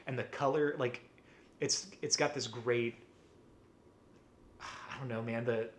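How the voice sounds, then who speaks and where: A man's voice: medium pitch, fairly even intonation, takes it slowly, slight background noise. Enthusiastic, profane man in casual chat. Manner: enthusiastic, profane, rambling with restarts. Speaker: podcast co-host.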